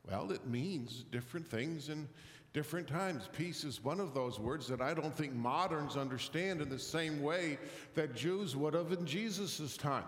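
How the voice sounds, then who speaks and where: A man with a voice on the high side preaches at a measured pace, reflective and questioning with a little humor. The recording, made in a big echoey church, is somewhat distant and full of hall reverb.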